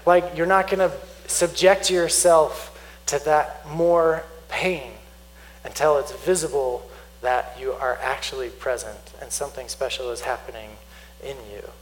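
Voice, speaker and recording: A man preaching a sermon, teaching earnestly, slowing down to stress key points and reading scripture aloud. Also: mid-range voice, steady tone, rough recording. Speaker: pastor.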